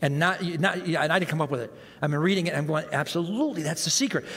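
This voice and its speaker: A man preaching a sermon as pastor, animated and self-mocking, acting out the reactions he quotes. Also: a little high, very fast, breathy edge. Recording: long hall reverb.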